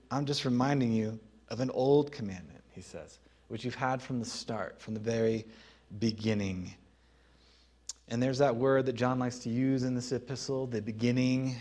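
A man preaching a sermon as pastor, teaching in a conversational way with pauses. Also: medium pitch, darkish tone.

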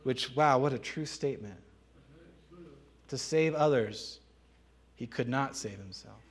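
A man's voice: mid-range voice, measured pace, slightly rough. A man preaching a sermon, emphatic and conversational, often asking rhetorical questions and laughing between points.

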